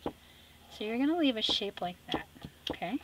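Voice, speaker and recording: A middle-aged woman hosting an art tutorial, chatty and teasing, narrating as she paints and dropping into soft whispered asides. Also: a little high, expressive, measured pace, very noisy.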